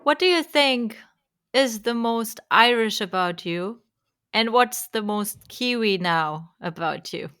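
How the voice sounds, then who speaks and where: A woman's voice: fairly high pitch, animated, slow pace, fairly bright tone, clean tone, dry recording, studio quality. A woman hosting an interview, asking loose questions full of fillers. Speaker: interviewer host. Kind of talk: casual interview chat.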